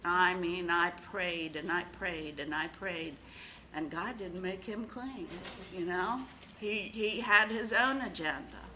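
A middle-aged woman sharing her story at a recovery meeting, halting and full of fillers, emotional and tearful at times. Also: fairly low pitch, pushed and bright, slight background noise, low-quality recording. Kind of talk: personal share at a recovery meeting.

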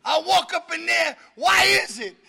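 A man's voice: very high voice, expressive, normal speed, creaky, pushed and bright. A middle-aged man giving a fiery preaching-style talk at a recovery meeting, exhorting the room and breaking into laughter.

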